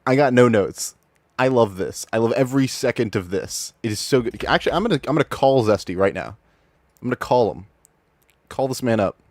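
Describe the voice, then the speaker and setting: Excitable, stammering male streamer. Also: medium pitch, a little fast, no echo. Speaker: streamer host judging videos. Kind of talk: casual live-stream chat.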